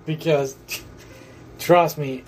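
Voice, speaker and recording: A man's voice: on the high side, steady tone, extremely slow, a little mellow, slight background noise, rough recording. A man working through a language app lesson, chatty and often repeating and correcting himself. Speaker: language tutor. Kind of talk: casual lesson walkthrough.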